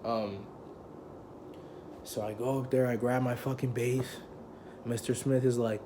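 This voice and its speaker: A young adult man tells a personal story in loose, slangy, conversational talk, swearing heavily and animatedly acting out the people he quotes. His medium-pitched voice is a little slow, with long pauses, over a noisy background.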